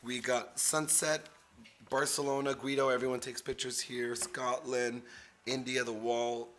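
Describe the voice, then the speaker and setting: A man's voice: medium pitch, little pitch movement, unhurried, a bit bright, a little hiss or hum. A man hosting a casual vlog, rambling through travel photos and repeating words. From Canada. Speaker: host.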